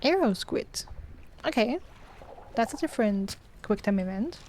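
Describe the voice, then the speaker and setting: A woman's voice: fairly high pitch, expressive, unhurried, darkish tone, a little hiss or hum. A woman playing a game and thinking aloud in casual let's-play commentary. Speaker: gaming streamer.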